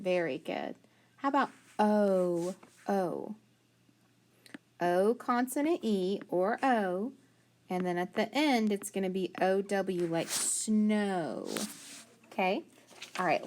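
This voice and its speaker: A woman teaching a phonics lesson, slowly sounding out letters and praising the students often. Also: medium pitch.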